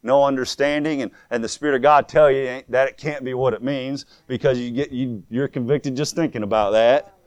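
Earnest preaching man, smooth clear voice. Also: mid-range voice, fairly even intonation, fairly quick, no echo. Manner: earnest, fervent, repeats words as he builds a point. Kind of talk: sermon.

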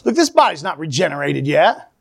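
A man's voice: on the high side, sing-song, brisk, vocal fry. A man preaching a fervent sermon to a congregation, calling out amen and praise the Lord.

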